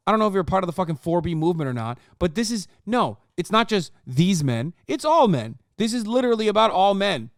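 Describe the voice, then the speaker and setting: A man in his thirties rants sarcastically as he reacts to a video on stream, cursing freely. His voice sits a bit high and comes through crisp and smooth. The sound is dry and close. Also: no echo. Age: 30s. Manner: profane, sarcastic ranting. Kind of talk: casual livestream commentary.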